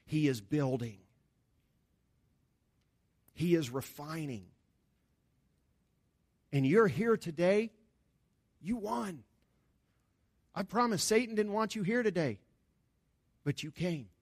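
A pastor delivers a sermon with his voice sitting somewhat high for a man. He talks to the congregation in an earnest, conversational way, lifting his voice with emphasis on the points he wants to land. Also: animated, slow pace, long pauses, no room sound, clean studio sound.

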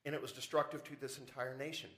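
A pastor delivers a sermon in a medium-pitched, level, fairly bright voice, talking fast. He builds rising emphasis and keeps throwing rhetorical questions at the congregation. The audio comes from a church service recording.

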